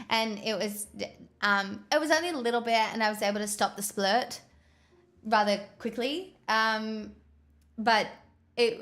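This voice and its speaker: A woman's voice: medium pitch, a bit bright. A woman livestreamer in casual chat, rambling and giggling as she talks straight to her viewers.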